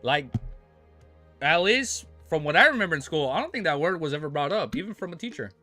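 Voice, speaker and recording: A man's voice: fairly high pitch, lively intonation, fairly quick, bright, forceful tone, no room sound, faint music behind. An American man chatting casually with his live-stream viewers, joking around and laughing often. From United States. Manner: joking, laughs often, mock-French phrases.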